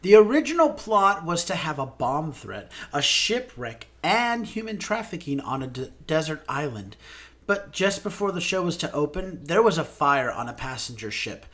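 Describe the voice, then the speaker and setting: A man's voice: on the high side, big pitch swings, normal speed, fairly bright tone. A man co-hosting a theater podcast, playful and fond of puns. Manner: playful, punning, sings snatches of show tunes. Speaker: podcast co-host. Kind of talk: scripted podcast discussion.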